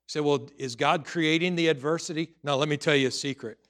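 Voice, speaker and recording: A middle-aged man preaches from the pulpit in a somewhat high voice. He tells his stories earnestly, stumbling and restarting as he goes. Then he presses his points home with emphatic conviction. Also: fairly quick, a bit bright. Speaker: pastor. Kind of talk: sermon.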